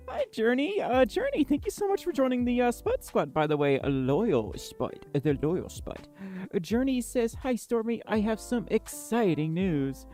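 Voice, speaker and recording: Chatty, lively woman streamer. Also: on the low side. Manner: chatty, scattered, laughs often. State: tired. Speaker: livestream host. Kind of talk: casual livestream chat with viewers.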